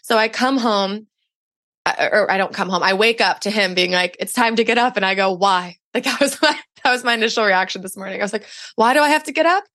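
A woman's voice: mid-range voice, brisk, sharp tone, no echo, studio quality. A young adult woman, a podcast guest, telling a personal story in casual chat and saying "like" often. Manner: chatty storytelling, heavy use of "like".

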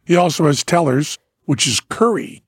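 A man's voice: a little high, animated, normal speed, breathy edge, no echo, studio quality. An older man hosting a casual chat, rambling and teasing his daughter. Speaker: podcast host.

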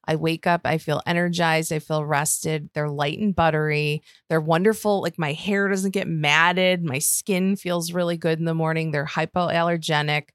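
A woman's voice: deep voice, normal speed, hardly any pauses, clean tone, no echo, studio quality. A woman co-hosting a podcast in casual chat, gushing and exaggerating for effect. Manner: gushing, expressive, fond of dramatic exaggeration. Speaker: podcast co-host.

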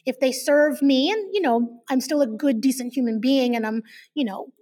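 A woman in her forties, a podcast guest, telling her own story in a frank, animated, often profane way. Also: high-pitched, moderate pace, distant mic. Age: 40s. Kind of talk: candid conversational storytelling.

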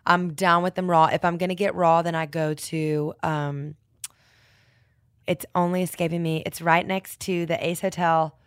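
A woman, a podcast guest talking earnestly and animatedly in rushes with fillers. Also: lowish voice, flat delivery, smooth, no room sound, clean studio sound. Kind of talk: casual podcast conversation.

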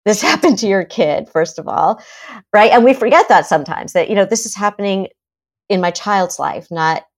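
A middle-aged woman, a psychotherapist appearing as a podcast guest, speaks animatedly at a normal speed and acts out the voices of parents. Her voice is mid-range and expressive.

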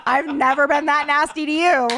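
High-pitched woman, podcast co-host, animated and profane in casual chat. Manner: animated, swearing storyteller.

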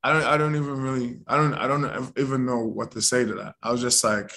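A man, an actor, telling a story in a casual interview, animated and acting out the voices of the people in it. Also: medium pitch, fast talker, gravelly. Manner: animated, acts out quoted voices.

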